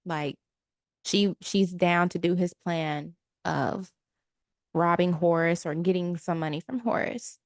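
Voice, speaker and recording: A woman co-hosting a podcast, recapping a show in a relaxed, chatty way. She keeps jumping into the characters' lines with little put-on voices. The recording is close and dry, with no room sound. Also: on the low side, no echo. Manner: animated retelling, acts out characters' lines in quick asides. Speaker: podcast co-host. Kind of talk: casual recap of a TV episode.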